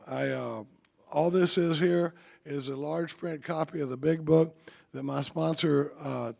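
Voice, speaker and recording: A man, giving a folksy, joking recovery talk at a podium, halting often and restarting his sentences. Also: mid-range voice, gravelly, a little mellow. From Texas. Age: 50s. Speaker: AA convention speaker.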